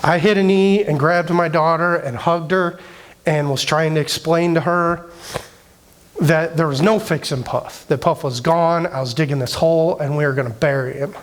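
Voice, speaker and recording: A middle-aged youth director telling an emotional personal story in a conversational sermon, with many fillers. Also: male voice, fairly high pitch, steady tone, moderate pace.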